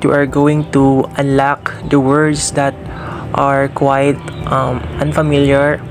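A young man giving a student class presentation, explaining poetic meter in a slow, careful, read-out way. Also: medium pitch.

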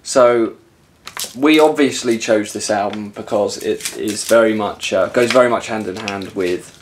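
A man's voice: lowish voice, measured pace, noisy background. A man co-hosting a casual chat vlog, talking with frequent fillers and restarts. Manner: hesitant, many fillers and restarts. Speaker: vlog co-host.

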